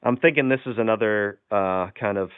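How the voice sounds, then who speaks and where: A man's voice: on the low side, brisk, smooth, no room sound. A man hosting a casual live stream, reading out silly jokes and viewer comments with frequent chuckles. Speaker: livestream host. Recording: tinny, phone-like sound.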